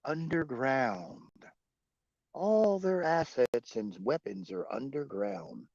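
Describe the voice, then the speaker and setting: Gravelly man rambling on a livestream. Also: medium pitch, big pitch swings, moderate pace, dry recording, lo-fi sound. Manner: profane, rambling, chuckling often. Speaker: livestream host. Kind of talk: casual livestream chat answering viewers.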